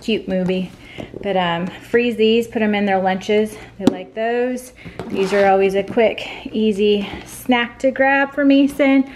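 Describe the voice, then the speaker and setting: A woman's voice: mid-range voice, a little slow, background noise. A woman in her thirties, a family vlogger, chatting casually to the camera in her home kitchen. She is out of breath, with an upbeat, rambling way of talking.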